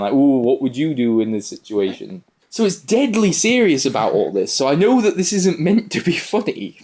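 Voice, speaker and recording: A man's voice: mid-range voice, a little mellow. A young man from the UK on a film review podcast, animatedly retelling scenes and laughing as he talks. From United Kingdom. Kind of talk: casual chat.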